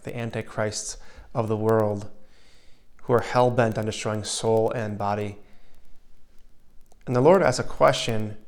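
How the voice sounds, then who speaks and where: A man preaching a sermon in an earnest way, dropping to a soft hush when he voices comforting words and rising again for emphasis. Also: lowish voice. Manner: earnest, shifts between loud emphasis and soft hushed asides.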